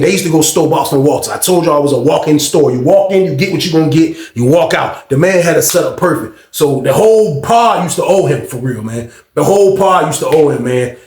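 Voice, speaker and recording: A man's voice: on the high side, echoey room. A man telling a prison story casually and animatedly, repeating lines and acting out quotes. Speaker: storyteller recounting prison life.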